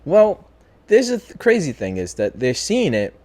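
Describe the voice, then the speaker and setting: A man casually telling a spooky personal story as a podcast host, talking in a lively, profane way. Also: a little high, moderate pace, noisy background. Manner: animated, profane, acts out voices in his story.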